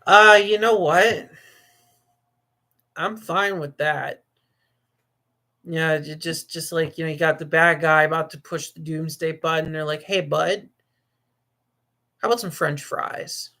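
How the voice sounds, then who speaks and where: A man's voice: a little high, steady tone, unhurried, pauses often, bright, forceful tone. A man hosting a casual livestream, talking in a rambling, jokey way, often laughing and restarting. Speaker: livestream host.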